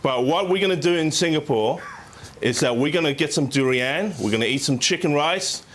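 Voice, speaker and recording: A man doing a comic impression of a male dictator who delivers boasts and threats deadpan. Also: a little high, a little fast. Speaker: impersonator.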